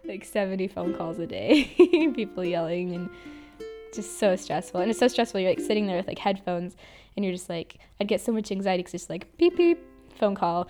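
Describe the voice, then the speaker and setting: A woman's voice: mid-range voice, sing-song, brisk, dark tone, faint music behind. A young woman from Idaho telling stories about her old jobs, chatty, with many fillers and frequent giggles. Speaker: interviewee. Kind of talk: casual storytelling.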